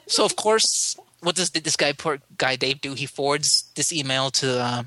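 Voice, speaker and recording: A man co-hosting a casual podcast, telling a story with animated retelling and quoted voices. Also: medium pitch, normal speed, a little hiss or hum. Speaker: podcast co-host.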